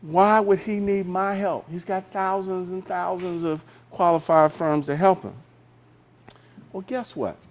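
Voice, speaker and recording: A man giving a keynote speech on a theater stage, telling a personal business story with dramatic pauses and direct questions to the audience. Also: sits high, steady tone. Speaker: executive keynote speaker.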